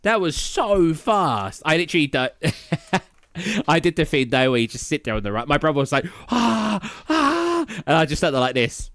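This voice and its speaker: A young British man streaming live, telling rambling travel stories in casual chat, full of fillers and quick laughs. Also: on the high side, fairly bright tone, dry recording. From Britain. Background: faint game music.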